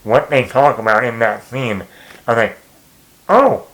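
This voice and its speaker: A young man giving a casual spoken movie review, rambling, often restarting and repeating words, with animated asides. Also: mid-range voice, normal speed, rough recording.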